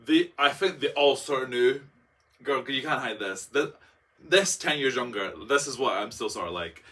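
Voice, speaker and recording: Young man, bright tense tone, chatty and dramatic, set back from the mic. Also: medium pitch, lively intonation, normal speed. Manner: chatty, dramatic, full of fillers and mock-quotes. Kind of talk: casual storytelling vlog. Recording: voice a bit far from the mic.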